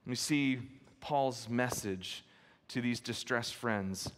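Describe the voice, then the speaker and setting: A pastor preaching an expository sermon, with an earnest, emphatic storytelling manner and key phrases repeated for weight. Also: male voice, mid-range voice, slow pace, a little hiss or hum. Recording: long hall reverb.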